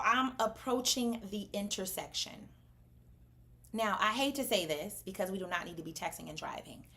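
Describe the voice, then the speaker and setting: A woman's voice: medium pitch, sharp tone. A woman, casually telling viewers a story on a livestream, emphatic and swearing freely. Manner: addresses viewers as "y'all" and "baby". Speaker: cosmetics brand owner livestreaming.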